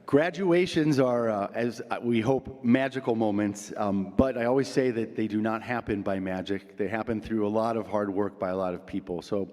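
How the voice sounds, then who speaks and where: An American man giving a measured, deliberate formal address at a graduation ceremony, with frequent ums and uhs. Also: fairly low pitch, steady tone, a little mellow. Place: large graduation hall. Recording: long reverb of a large hall.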